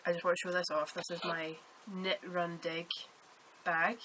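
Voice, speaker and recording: A Scottish-accented woman hosts a casual podcast, talking in a fairly low yet bright, forceful voice. She rambles happily through her stories. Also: little pitch movement, moderate pace, a little hiss or hum, rough recording. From Scotland. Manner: chatty rambling storyteller. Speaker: podcast host. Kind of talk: casual chat.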